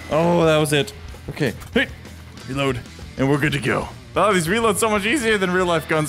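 A man giving excitable, chatty gameplay commentary, laughing often. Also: sits high, fairly quick. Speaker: gaming YouTuber. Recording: game music behind.

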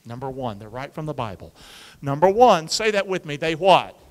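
Animated high-voiced preaching man. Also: normal speed, few pauses. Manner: energetic, coaxes the congregation to repeat lines; uses football pep-talk imagery. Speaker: pastor. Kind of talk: animated call-and-response sermon. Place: church sanctuary with a congregation. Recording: long reverb of a large church hall.

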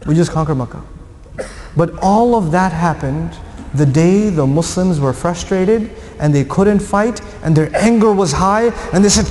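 A man giving an animated religious lecture, telling a story and acting out the voices of the people in it. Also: high voice, normal speed, a little hiss or hum. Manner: storytelling, acts out quoted voices. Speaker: Quranic lecturer. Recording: echoey hall with faint ambience.

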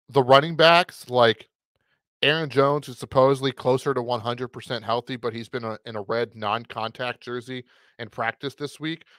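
A man's voice: mid-range voice, sharp tone, no echo. A man co-hosting a casual fantasy football podcast, rambling and correcting himself with a wry edge. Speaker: podcast co-host.

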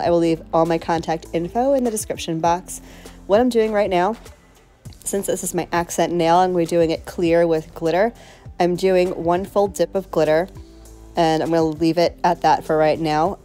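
A woman's voice: sits low, dark tone. A woman chatting casually while demonstrating a nail tutorial, friendly and talkative, with a light allergy cough. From South Florida. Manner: chatty, friendly, laughs easily.

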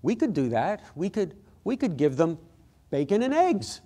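A man's voice: high voice, big pitch swings, normal speed, warm tone, voice pushed up. A man voicing an eager talking hen in a parable told during a sermon.

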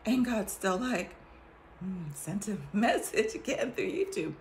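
Woman, casual testimony chat, lively pitch swings, gravelly edge, laughs often. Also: measured pace, a little hiss or hum. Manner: animated, laughs often, addresses viewers directly. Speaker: vlogger sharing a faith testimony.

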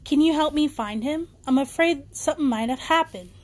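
A woman voicing a cheerful, caring young princess in a bedtime storybook reading, speaking brightly and eagerly. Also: sits high, fairly quick, voice pushed up, lightly acted.

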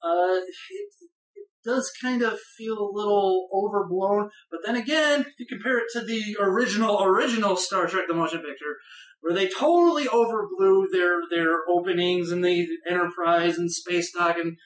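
Casual film review, conversational, rambling, bursts of excitement, echoey room, distant mic. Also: medium pitch, moderate pace. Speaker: movie reviewer. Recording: roomy echo, voice far from the mic.

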